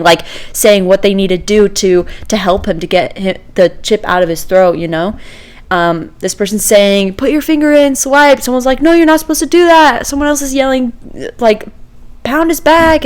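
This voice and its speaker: A woman's voice: on the low side, clean tone. A woman co-hosting a podcast, telling a work story in casual chat, laughing often and acting out what people said. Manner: acts out quoted voices. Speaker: podcast co-host.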